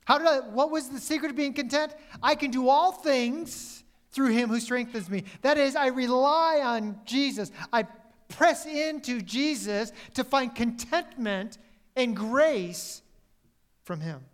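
A male pastor preaching a sermon, who swings between emphatic, louder lines and quiet, dropped phrases, and sometimes corrects himself mid-sentence. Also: very high voice, a little slow.

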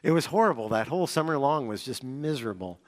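A young man preaching a sermon, telling a personal story in an animated way, with sudden excited outbursts. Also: medium pitch, quick pace. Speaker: pastor.

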